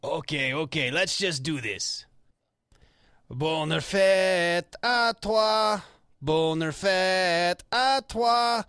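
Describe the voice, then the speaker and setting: Man playing a young clerk, terrible fake French accent, high voice, slow and hammy. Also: lively intonation, a bit bright, clear, resonant tone, dry recording, clean studio sound, heavily acted. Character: lanky young Canadian store worker with a fake French accent.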